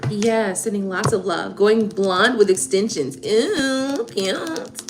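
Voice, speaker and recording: A woman reading tarot on a livestream, chatting casually and warmly with viewers, laughing and getting emotional. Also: medium pitch, slow. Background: soft background music.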